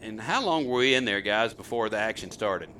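Bright-voiced chatty hunting dad. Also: male voice, on the low side, animated, a little fast, slight background noise. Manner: chatty and rambling, quizzing his sons. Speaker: host, hunter and father. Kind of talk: casual storytelling to camera.

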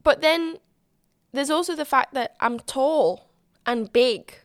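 On her own casual podcast, a young woman takes it slowly, chatting in a bubbly style with frequent restarts and acted-out quotes. Her voice is loud and high and climbs higher with excitement, and the audio is close and dry with no room echo.

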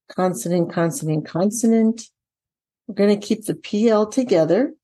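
A middle-aged woman who trains dyslexia teachers walks through a spelling lesson out loud in a casual instructional style. She talks herself through each step and asks the viewer questions as she goes. Her voice is on the low side.

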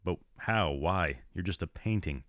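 A man's voice: deep voice, unhurried, a bit bright, dry recording, clean studio sound. A man voicing a lonely, despairing man who drinks, speaking in a hollow, pleading way in a read-aloud horror story. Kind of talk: storytelling reading.

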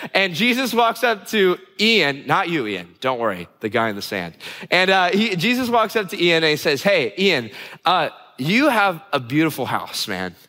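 A young male preacher delivers a sermon in a loose, conversational style, joking with his congregation. His voice is bright and slightly high. It rings with a long hall reverb. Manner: conversational, animated, teasing the audience. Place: church hall before a live congregation.

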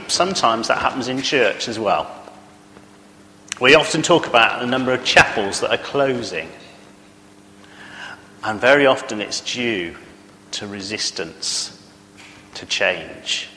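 A man's voice: lowish voice, animated, unhurried, long pauses, sharp tone, long reverb tail, a little hiss or hum. A man preaching a sermon in a church, earnest and conversational, often asking the congregation questions.

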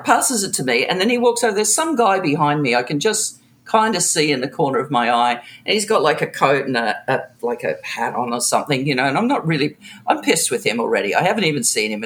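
A middle-aged woman swaps tour stories on an interview show, her pitch climbing and dropping all over as she acts out what people said. She swears freely, laughs between phrases and keeps the tale moving in easy, casual talk. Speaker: guest, live sound engineer. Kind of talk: casual storytelling anecdote.

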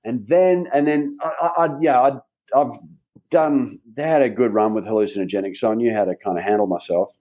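Low, mellow Australian man telling a story. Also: fairly quick. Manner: rambling, chatty, with frequent restarts. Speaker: guest. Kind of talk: casual anecdote in a conversation.

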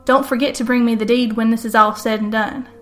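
A woman's voice: steady tone, a little fast, fairly bright tone, faint music behind, close to an everyday voice. A woman voicing a harsh, menacing old grandfather who barks orders and hisses threats. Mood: commanding. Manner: barking orders, then low threats.

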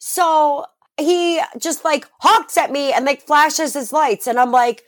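A young woman tells a rant-filled story on a podcast, swearing freely and animated throughout. Her voice sits a little high. The sound is dry and close. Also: slow pace, few pauses, no room sound. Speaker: podcast co-host. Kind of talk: casual chat.

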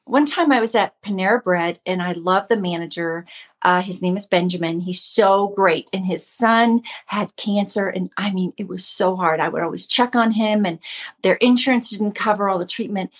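Speaking at normal speed in a medium-pitched voice, this Christian mom channel host, a woman in her fifties, offers her viewers a casual devotional talk. She comes across as earnest and chatty and repeats herself frequently.

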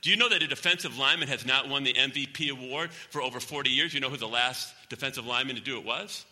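A man's voice: medium pitch, fast talker, bright, forceful tone. A man preaching a sermon as pastor, emphatic, repeating his key phrases for weight. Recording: long hall reverb.

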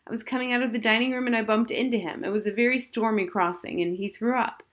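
A woman's voice: on the high side, steady tone, fast, a bit bright, pitched above the performer's own voice, close to an everyday voice. A woman voicing an airy, absent-minded mother who calls people dear, in a storybook reading. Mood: amused.

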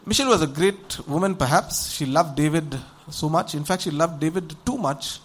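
A man with a fairly high, breathy-edged voice preaches at normal speed. He relates a Bible story conversationally, animating it with acted voices and regularly asking the congregation rhetorical questions.

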